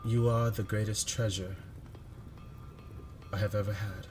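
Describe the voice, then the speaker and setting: A man's voice: on the low side, flat delivery, a little slow, noisy background, close to an everyday voice. A man voicing a devoted male lover reading out a tender, teasing farewell letter in a tabletop game.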